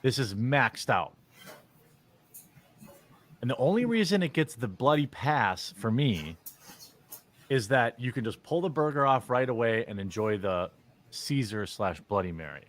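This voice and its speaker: A man's voice: medium pitch, expressive, unhurried, pauses often. A man giving casual commentary as a streamer, blunt and opinionated in a mock-serious way.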